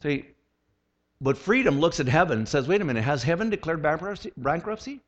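A man's voice: on the high side, lively intonation, a little fast. A man in his sixties, a pastor preaching a conversational, humorous sermon full of rhetorical questions. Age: 60s. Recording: lo-fi dull sound.

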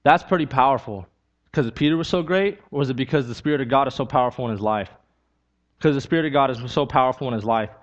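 A man's voice: medium pitch, fast talker, dull audio. A man preaching a sermon with a personal testimony, talking earnestly and conversationally, repeating key lines and building to emphatic peaks.

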